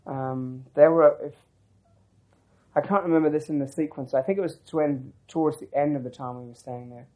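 A man's voice: fairly high pitch, steady tone, fairly quick, dark tone, low-quality recording. A man telling a long personal story as an interviewee, reflective and rambling, with frequent restarts and asides. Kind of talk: oral history storytelling.

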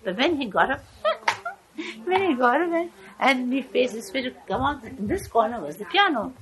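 A woman's voice: high voice, sing-song, moderate pace, background noise. Older woman rambling through a family story. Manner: rambling, often searching for words. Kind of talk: personal storytelling. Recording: crowd chatter in background.

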